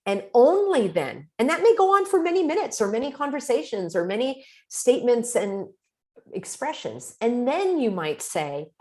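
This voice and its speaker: A woman's voice: fairly high pitch, very animated, normal speed, a little mellow. A woman from the United States hosting her own channel, talking casually to camera and acting out short quoted replies. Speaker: host.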